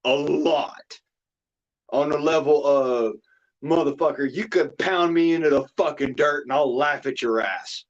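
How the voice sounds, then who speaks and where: A man's voice: on the high side, measured pace. A man streaming a casual chat, talking emotionally in a rambling way, cursing often and repeating himself, with a drawl. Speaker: streamer hosting a chat panel. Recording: dull lo-fi mic.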